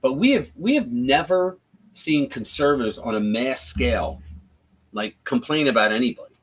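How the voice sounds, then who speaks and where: A man hosting a live stream, talking bluntly and profanely, with lively retellings and frequent restarts. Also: mid-range voice, moderate pace, breathy edge, low-quality recording. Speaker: livestream host. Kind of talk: casual political commentary.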